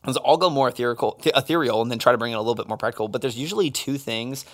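A man's voice: medium pitch, racing. A middle-aged man co-hosting a casual faith-based conversation, his voice sitting in an ordinary middle register. He tells stories with energy and slips into little acted-out voices for the people he quotes. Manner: animated storyteller, acts out quotes. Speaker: podcast co-host.

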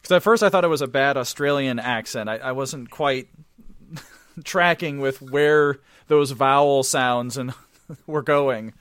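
A man's voice: medium pitch, measured pace, a bit bright, clean tone, no room sound, studio quality. A man who is a priest, guesting on a podcast and making playful, quippy jokes. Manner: playful, quippy, jokey asides. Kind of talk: casual chat.

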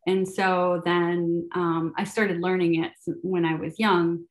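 A woman's voice: on the low side, little pitch movement, slow. Chatty young woman, Spanish speaker. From Venezuela. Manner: chatty, many fillers and restarts, laughs often. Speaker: guest, math educator. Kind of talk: casual podcast interview.

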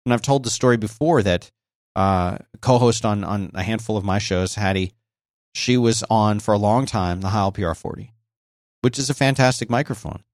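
Lower-voiced man podcasting, dry close mic. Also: normal speed, no echo. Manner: conversational, explanatory, frequent restarts. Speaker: podcast host. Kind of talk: casual solo podcast talk about microphones. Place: home office by a busy highway. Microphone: close dynamic microphone with noise gate.

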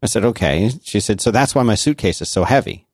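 A man with a lowish voice tells family stories in a relaxed podcast chat, slipping into the voices of the people in them. The sound is close and dry, with no room around it. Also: fairly quick, breathy edge, no echo. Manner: animated storyteller, acts out family voices. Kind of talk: casual chat.

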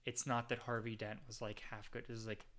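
Podcast co-host, male, bright tone, eager and chatty. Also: medium pitch, little pitch movement, brisk. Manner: enthusiastic, heavy use of "like". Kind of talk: casual chat.

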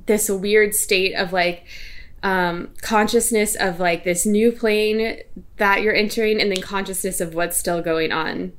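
A woman co-hosting a relaxed talk show, reading stories aloud and chatting about them. She talks casually with many likes and ums, laughing often. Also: mid-range voice, measured pace. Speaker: podcast co-host.

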